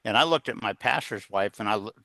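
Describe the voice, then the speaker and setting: Brief: middle-aged male coach on a podcast, lowish voice with a sharp, forceful edge, earnest and meandering, lots of "uh" and "you know". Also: quick pace, vocal fry, no echo. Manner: rambling, with many fillers and restarts; earnest, plain-spoken. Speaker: guest, executive coach. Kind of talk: conversational storytelling in an interview.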